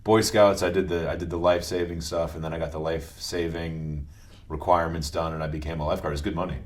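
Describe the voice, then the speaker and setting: Deep-voiced man telling his story. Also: quick pace. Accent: softened New England Italian American. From New England, US. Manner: relaxed storytelling with frequent restarts. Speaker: podcast guest. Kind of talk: conversational interview.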